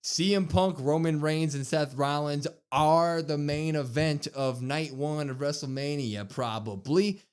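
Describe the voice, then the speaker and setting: A man's voice: a little high, a little slow, few pauses, smooth. A man co-hosting a wrestling podcast, recapping an episode in casual chat and acting out the quotes with a raised voice. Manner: animated, acts out quotes with raised voice. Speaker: podcast co-host.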